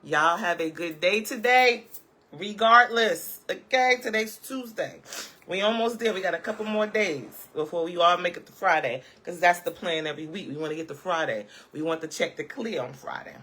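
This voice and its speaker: Sassy, emphatic woman vlogger, bright voice. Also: on the low side, brisk, a little hiss or hum. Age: adult, parent of a school-age child. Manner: sassy, emphatic, punctuates points with "okay?" and laughs. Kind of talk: casual live-chat commentary.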